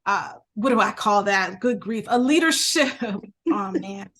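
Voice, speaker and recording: A woman's voice: mid-range voice, fairly even intonation, slow, fairly bright tone. A woman guest, an entrepreneur and coach, chatting animatedly and emotionally with a friend, often laughing. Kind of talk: casual chat among friends.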